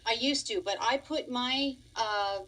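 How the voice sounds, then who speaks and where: A woman's voice: fairly high pitch, measured pace, fairly bright tone, poor audio. A woman in her forties from Long Island, a musician and piano teacher, talking in a chatty way as a guest on a radio interview. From Long Island, New York. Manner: chatty, laughs easily.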